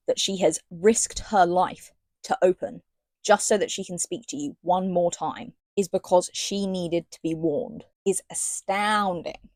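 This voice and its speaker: A woman's voice: mid-range voice, a little mellow, dry recording. A woman giving a sarcastic, slangy casual book review, reading passages aloud between rants. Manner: sarcastic, ranting, slangy asides.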